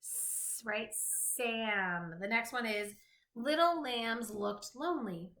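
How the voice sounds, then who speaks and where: A woman teaching a phonics lesson to young children, slowly sounding out rhymes, letters and words. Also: on the high side, sharp tone. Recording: echoey room.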